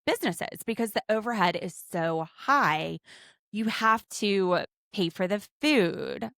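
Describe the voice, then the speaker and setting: A woman in her forties, co-hosting a casual podcast recap with chatty, animated storytelling. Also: mid-range voice, slow, no room sound, studio quality. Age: 40s. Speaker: podcast co-host.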